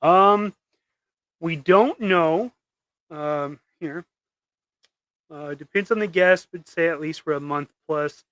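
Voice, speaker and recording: A man's voice: fairly high pitch, slow, long pauses, a bit bright, no echo. A man hosting a live stream while he paints custom action figures, chatting casually with viewers in a rambling, joking way. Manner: rambling and jokey, many restarts, chatting to viewers.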